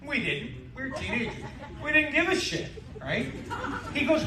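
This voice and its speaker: A man's voice: extremely high pitch, big pitch swings, normal speed. A man in his sixties doing a stand-up comedy set with brash, crude punchlines on a club stage in a casino. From Canada. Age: 60s. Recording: roomy live club sound from a distance with crowd noise.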